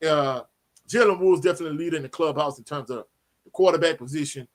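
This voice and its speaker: A man, hosting a casual live sports Q&A, animated and slangy, often tagging on "you know what I'm saying". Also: on the high side, quick pace. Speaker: sports talk host.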